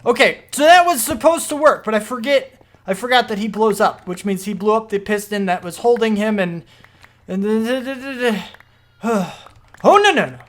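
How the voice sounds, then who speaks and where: A man commenting on his own gameplay as he plays, rambling through explanations and breaking into panicky, excitable outbursts. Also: high-pitched, moderate pace. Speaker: gaming video host.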